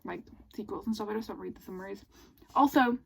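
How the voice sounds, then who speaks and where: A woman chatting casually in a book vlog, excitable and gushing, with exasperated asides. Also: mid-range voice, fast, gravelly, slight background noise, poor audio. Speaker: book vlogger.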